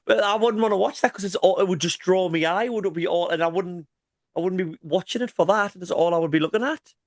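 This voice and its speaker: A man's voice: sits high, quick pace, dry recording, clean studio sound. A man in his thirties co-hosting a gaming podcast, joking and playfully defensive in casual banter. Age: 30s. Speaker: podcast co-host.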